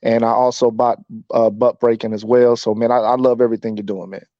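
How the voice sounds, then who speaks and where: A man's voice: mid-range voice, level tone, brisk, no room sound, muffled recording. A man calling in to a talk show who chats in a friendly, agreeable way. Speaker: caller.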